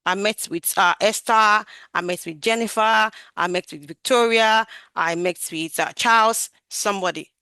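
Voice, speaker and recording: A woman gives an animated, emphatic talk over a video call about growing her career as a QA tester, raising and lowering her voice for emphasis. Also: moderate pace, few pauses, clear, resonant tone, no echo. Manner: animated, emphatic, varies her loudness and projection. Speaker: QA tester sharing career story. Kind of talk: talk on a webinar.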